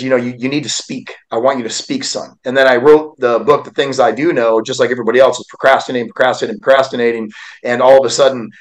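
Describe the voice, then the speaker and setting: A man's voice: medium pitch, poor audio. A man in his forties, a podcast guest, telling an emotional personal story with an earnest, heartfelt delivery. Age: 40s.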